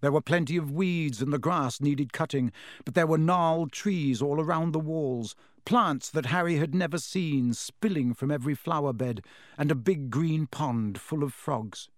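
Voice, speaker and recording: A man narrating a children's storybook in a steady, clear reading voice. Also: a little high, normal speed, no room sound, clean studio sound. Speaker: audiobook narrator.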